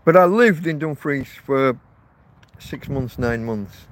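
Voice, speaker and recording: A vlogger living rough in a field camp rambles casually to his viewers, chatty and often correcting himself. His voice is medium-pitched, animated and slow. He records outdoors in a windy field on a phone held in portrait mode, so wind and faint outdoor noise come through.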